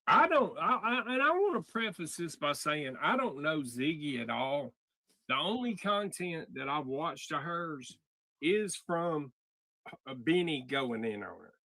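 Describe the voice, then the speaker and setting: Man, livestream host, bright tense voice, dry sound, blunt, swearing. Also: a little high, very animated, measured pace, vocal fry, no echo. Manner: heated, profane, blunt. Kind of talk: casual livestream commentary.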